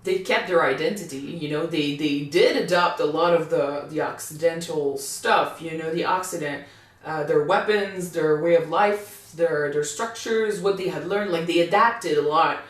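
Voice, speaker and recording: A man's voice: fairly high pitch, normal speed. Canadian guy rambling about an anime, swears a lot, restarts sentences, mic far away. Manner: excitable, swears freely, rambling with many restarts. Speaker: anime reaction co-host. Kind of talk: casual chat reacting to an anime. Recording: echoey room, mic far off.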